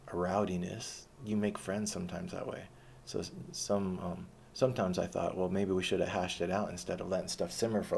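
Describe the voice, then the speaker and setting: A man's voice: low voice, creaky, a little mellow, a little hiss or hum. A man around thirty telling a personal story in a rambling, casual monologue with frequent restarts and swearing.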